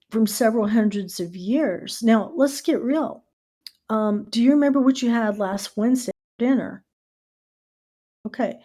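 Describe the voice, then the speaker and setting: A middle-aged American woman hosting a casual podcast, telling stories with lively asides and spelling out words letter by letter. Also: mid-range voice. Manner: animated storyteller who spells out words letter by letter. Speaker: podcast host.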